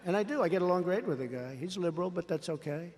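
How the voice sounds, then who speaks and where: A man's voice: high voice, expressive, fast, darkish tone, slight background noise. An older man giving a rally speech, repetitive and boastful, acting out conversations with others. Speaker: politician at a rally. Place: large rally venue. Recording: long hall reverb.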